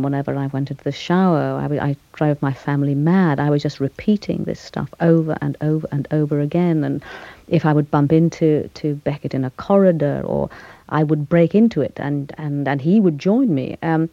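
An older actress giving a radio interview, speaking thoughtfully with frequent pauses, fillers and restarts. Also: female voice, deep voice, no echo, muffled recording. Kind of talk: reflective interview conversation.

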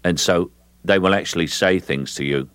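An older man from England, an actor being interviewed on radio, who speaks in a slow, measured way and repeats words while he thinks. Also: low voice, fairly bright tone, clear, resonant tone, dry recording.

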